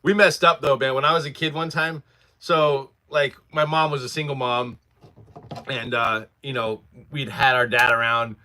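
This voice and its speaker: A man's voice: mid-range voice, fairly even intonation, normal speed, bright, forceful tone. A man in his forties hosting a casual livestream from his workshop, rambling through stories and laughing often while answering chat. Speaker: livestream host.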